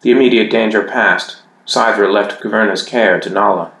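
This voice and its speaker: Low-voiced man narrating in an echoey room. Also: steady tone, moderate pace, a bit bright. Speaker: audiobook narrator. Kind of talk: fantasy audiobook narration.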